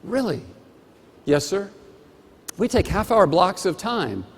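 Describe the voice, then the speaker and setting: A man's voice: sits high, big pitch swings, slow pace, gravelly, a little hiss or hum, exaggerated voice. A man voicing a cheerful, polite female hotel maid on a wake-up call, in a hall with long reverb. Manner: sunny, polite, attentive.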